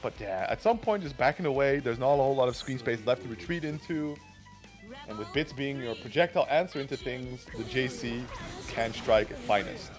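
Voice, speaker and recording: A man's voice: mid-range voice, animated, brisk, soft background music. Analytical male esports commentator. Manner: analytical, filler-heavy, says "right?" often. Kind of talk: live fighting game commentary.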